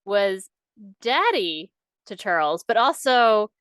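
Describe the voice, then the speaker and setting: A woman's voice: medium pitch, very animated, slow pace, fairly bright tone, clear, resonant tone, no echo. A young adult woman co-hosting a podcast in casual chat, swearing freely and saying "like" a lot. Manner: chatty, swears freely, lots of "like". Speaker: podcast co-host.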